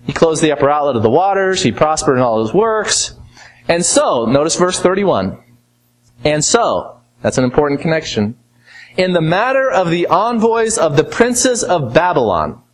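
A man preaching an expository sermon, asking rhetorical questions and moving from emphatic to quiet, slow stresses. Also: on the high side, poor audio. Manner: teaching, asks rhetorical questions.

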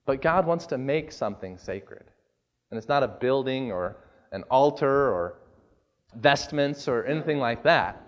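A man preaching a sermon as pastor, earnest and deliberate, stressing key words. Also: mid-range voice, expressive, dull audio. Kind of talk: sermon with scripture reading.

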